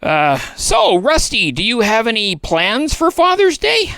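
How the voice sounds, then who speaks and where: A woman's voice: fairly high pitch, very animated, unhurried, fairly bright tone, no echo, exaggerated voice. A woman voicing an exasperated, sarcastic male bear who hosts a puppet late-night comedy show. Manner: sarcastic, exasperated, sighing asides. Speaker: host.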